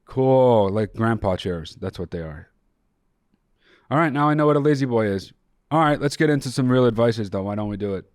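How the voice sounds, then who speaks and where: A man's voice: mid-range voice, lively intonation, brisk, a little mellow, dry recording, studio quality. A young man hosting a podcast in casual chat, profane and jokey with mock outrage, a little nasal after being sick. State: slightly nasal after illness. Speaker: podcast host.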